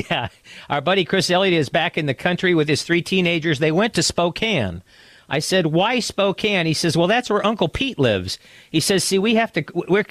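A man's voice: a little high, fairly bright tone, dry recording. A male radio host with a slightly raised voice leads the chat, circling back and restarting his questions as he goes. His studio mic sounds close and completely dry, with no room around it. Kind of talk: radio interview.

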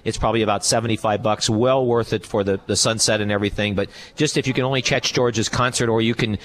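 A man's voice: lowish voice, fairly even intonation, fast. A man co-hosting a travel radio show, telling stories with enthusiasm and jokes. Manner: enthusiastic, joking storyteller. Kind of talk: radio chat.

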